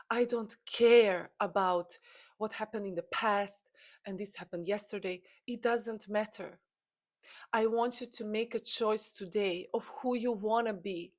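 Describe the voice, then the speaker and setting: A woman who makes spiritual content tells a personal story as a motivational talk, her voice medium in pitch. She comes across earnest and intense, restarting often and repeating phrases.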